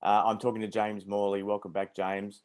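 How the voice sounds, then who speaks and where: A man's voice: lowish voice, level tone, normal speed, a little mellow. A man hosting a casual interview, chatty and jokey, laughing often. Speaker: podcast host.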